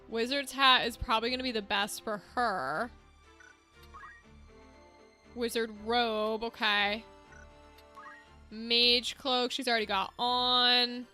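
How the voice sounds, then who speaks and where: A young woman with a slightly high, sharp-toned voice streams a video game backed by game music. She chats casually with viewers, thinking aloud as she sorts through gear.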